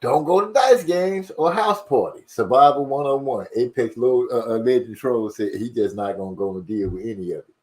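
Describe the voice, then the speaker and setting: A man hosting a casual livestream, reading viewer comments aloud and rushing and stumbling over his words. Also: mid-range voice. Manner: fast-talking, rushes and stumbles over words. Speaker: livestream host.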